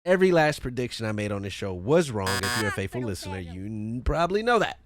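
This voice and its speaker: A man's voice: lowish voice, expressive, fast, background noise. A man hosting a solo podcast in a room with a fan running, talking casually and profanely, joking as he plugs his channels. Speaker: podcast host.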